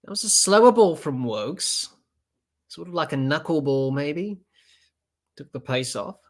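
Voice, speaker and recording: This podcaster covers a live cricket match in unscripted play-by-play, restarting sentences and using fillers along the way. His voice sits on the high side, animated yet unhurried.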